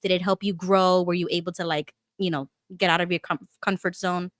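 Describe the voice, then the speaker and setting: A woman interviewing a guest in a conversational way, often backing him up with short affirmations and asking gentle follow-up questions. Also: lowish voice, flat delivery, fairly quick, dry recording, studio quality. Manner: supportive, with frequent short affirmations.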